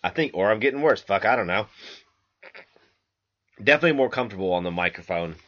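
A man's voice: fairly low pitch, lively intonation, quick pace, a bit bright. A man hosting a podcast in a loose, rambling monologue, swearing freely and restarting his sentences, recorded on a laptop microphone. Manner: rambling, loose and profane, with many fillers and restarts. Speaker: podcast host. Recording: dull lo-fi laptop mic.

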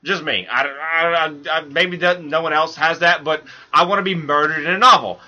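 A man's voice: a little high, normal speed, dull audio. A man hosting a podcast in casual chat, rambling and restarting as he tells stories. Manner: rambling, stumbling restarts, animated storytelling. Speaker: podcast host.

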